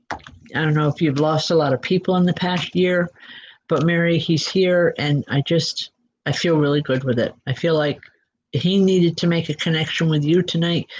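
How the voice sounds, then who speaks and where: A woman working as a psychic medium, giving spirit readings in a gentle, reassuring way and speaking straight to listeners by name. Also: deep voice, steady tone, moderate pace, slightly rough. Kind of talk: live spirit readings and announcements. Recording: dull lo-fi recording.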